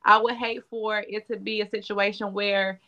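A woman's voice: mid-range voice, flat delivery, moderate pace, pushed and bright, highs cut off. A woman who has been on a reality show, earnestly cautioning viewers about their comments. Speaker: former reality show cast member. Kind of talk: casual chat.

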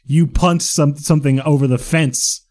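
A man's voice: on the high side, fairly even intonation, darkish tone. A man co-hosting a casual podcast, joking and restarting his sentences. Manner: fast, jokey, stammering restarts. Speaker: podcast co-host. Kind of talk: casual chat.

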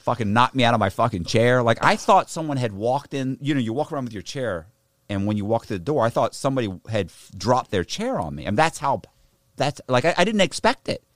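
A man casually telling a rough story, swearing a lot and acting out the other people in it. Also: mid-range voice, brisk, no echo, clean studio sound. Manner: profane, animated, acts out other people's voices. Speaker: guest telling a prison story.

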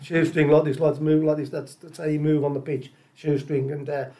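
A man's voice: a little high, little pitch movement, fairly quick, mellow. A middle-aged man from the English Midlands, chatting loosely as an interview guest and often repeating himself. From Tipton, England. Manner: chatty, rambling, repeats phrases. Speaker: guest, former footballer. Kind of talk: casual interview chat.

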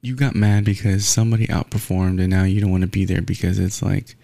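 Gravelly man ranting bluntly. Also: level tone, a little fast, mellow, no echo, clean studio sound. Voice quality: gravelly, low. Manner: blunt, profane, rambling with restarts. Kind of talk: casual sports rant.

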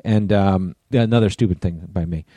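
A man's voice: low-pitched, a little fast, dark tone, no echo. A middle-aged man from the US East Coast, co-hosting a podcast and rambling through a story with lots of swearing. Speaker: podcast co-host. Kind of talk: casual chat.

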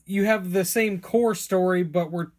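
High-voiced man rambling about movies. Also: a little slow, a little mellow. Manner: rambling, lots of "like", swears casually. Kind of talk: casual movie chat.

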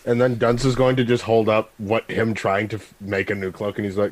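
A man playing a character in a casual tabletop game, playful and quick to laugh. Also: fairly low pitch, little pitch movement, no room sound, low-quality recording. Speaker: player. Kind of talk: casual tabletop role-play.

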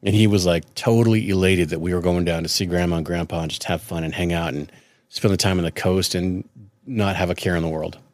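A man in his thirties, co-hosting a podcast in casual chat, telling animated stories and acting out quotes. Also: low-pitched, a little fast, no echo. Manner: animated storyteller, acts out quotes. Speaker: podcast co-host.

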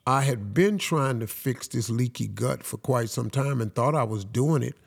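A man's voice: medium pitch, normal speed, vocal fry, slightly rough. A man as a guest in an interview, telling his story in a folksy, casual way and often saying "man".

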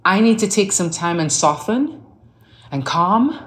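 A middle-aged woman guest in casual chat, telling animated stories and acting out the voices she quotes. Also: mid-range voice, measured pace.

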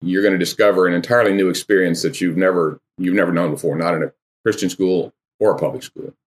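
An older man talking as a podcast guest, giving advice in an animated, conversational way. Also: sits low, fast talker.

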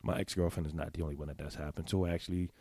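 Deep-voiced man, blunt and profane. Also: steady tone, rapid-fire, dark tone, no echo. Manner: confessional, speaks to the audience directly. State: clearing his throat often. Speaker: vlogger giving sex advice. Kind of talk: casual candid monologue.

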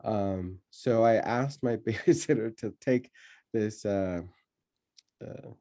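Low, mellow man telling a story. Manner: laughs often, halting with many fillers. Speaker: guest telling a childhood story. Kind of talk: casual conversational storytelling.

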